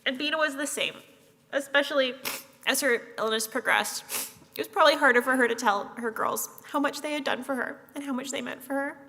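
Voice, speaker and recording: Bright-voiced woman giving a funeral tribute. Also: high voice, a little fast. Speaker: eulogy speaker. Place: funeral hall. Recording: echoey hall.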